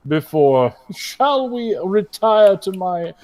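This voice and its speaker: A man playing a pompous orc gentleman, Gothmog. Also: sits high, very animated, takes it slowly, voice pushed up, heavily acted. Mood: flirtatious. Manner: posh, drawling and snobbish. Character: fussy, pompous male orc gentleman with monocle.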